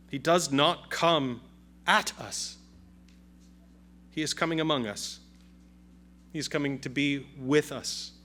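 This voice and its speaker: A man's voice: fairly high pitch, fairly bright tone, slight background noise. A male pastor preaching a sermon with an emphatic, repetitive cadence.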